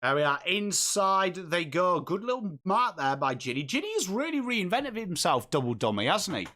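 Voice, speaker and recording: The voice sits high and swings widely in pitch, pushed and bright at a normal speed. It belongs to an Englishman hosting a live footy watchalong stream, chatting casually and answering viewers' comments while he reacts to and calls the game.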